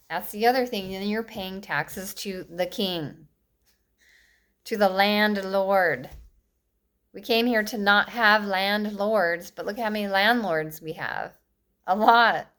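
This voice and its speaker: A woman's voice: medium pitch, fairly bright tone. A woman in her fifties ranting passionately to camera, blunt and scolding, with short bitter laughs between points. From United States. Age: 50s. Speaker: vlogger. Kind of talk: impassioned political rant to camera.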